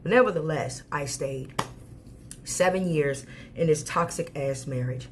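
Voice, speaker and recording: A woman's voice: low-pitched, measured pace, a little hiss or hum. Emphatic woman ranting through a storytime. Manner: candid, emphatic, swears freely. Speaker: storyteller recounting her marriage. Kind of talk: storytime rant.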